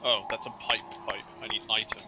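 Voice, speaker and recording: A man bantering with a friend over voice chat, deadpan and teasing, with mumbled asides. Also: on the low side, a little fast. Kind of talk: casual banter. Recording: noisy voice chat audio.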